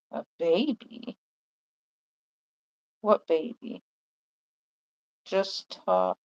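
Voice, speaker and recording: A woman's voice: on the low side, creaky, lo-fi sound. A woman chatting on a livestream in a rambling way, full of fillers and restarts. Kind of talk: casual livestream chat.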